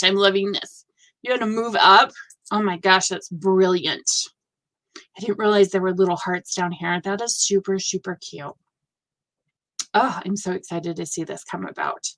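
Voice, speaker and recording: A woman in her fifties hosting a casual live stream, gushing warmly over viewers' work with effusive reactions. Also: mid-range voice. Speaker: host of a live stitching show.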